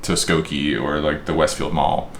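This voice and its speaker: A man co-hosting a casual vlog conversation, relaxed and hesitant, often saying "um" and "you know". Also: very deep voice, moderate pace, vocal fry, roomy sound, a little hiss or hum. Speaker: co-host and tour guide.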